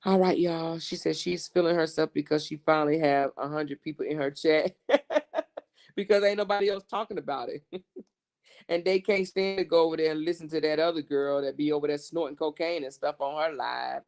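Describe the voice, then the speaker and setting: A woman's voice: low voice, fairly quick. A woman hosting a casual gossip livestream, cursing freely and laughing often as she talks. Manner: profane, animated, laughs often. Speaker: livestream host.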